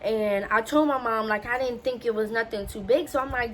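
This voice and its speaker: A young woman vlogger telling a personal story to the camera, animated and acting out what people said to her. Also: medium pitch, brisk, hardly any pauses, a little hiss or hum. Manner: animated retelling with voiced quotes. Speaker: beauty vlogger.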